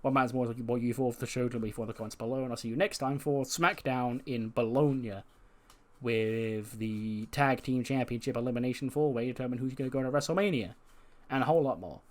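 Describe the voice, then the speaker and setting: Male video host narrating a game recap, casual, profane, mid-pitched voice. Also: fast talker. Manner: chatty, profane, laughs while telling.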